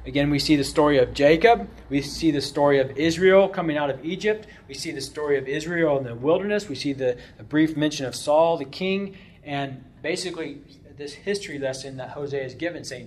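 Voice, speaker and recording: An animated man giving expository Bible teaching, his voice sitting a little higher than most men's. He moves between loud emphatic stretches and quiet asides, often tossing in "right?" to the listeners. A faint hiss of noise sits under the recording. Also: a little fast.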